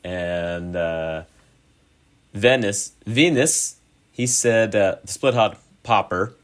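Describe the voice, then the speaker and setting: A low-voiced man narrates as game master of a tabletop game. He lays out the story for his players in a relaxed, easygoing way and laughs often. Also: takes it slowly, clean tone.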